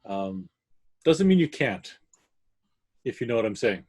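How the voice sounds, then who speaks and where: A man's voice: mid-range voice, very animated, a little slow, a little mellow, breathy edge. A man from Canada co-hosting a casual gaming podcast, cracking jokes and playful asides. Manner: joking, playful, makes silly noises. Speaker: podcast co-host. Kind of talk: casual chat.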